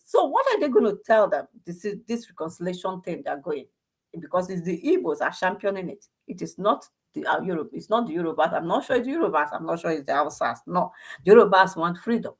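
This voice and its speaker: A woman's voice: on the low side, lively intonation, fast, slightly rough. A woman with a Nigerian accent giving an impassioned monologue, firing off rhetorical questions and restarting her sentences. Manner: rhetorical questions, many restarts, switches into Igbo. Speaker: commentator on a personal channel.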